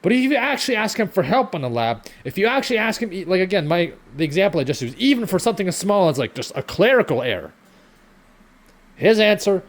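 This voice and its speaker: A young man rants into the camera from his kitchen, sarcastic and fed up, cursing freely. His pitch swings widely between highs and lows as he vents. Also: sing-song, a little fast, long pauses. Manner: frustrated, sarcastic, swearing often. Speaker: vlogger. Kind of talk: ranting vlog while cooking. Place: home kitchen.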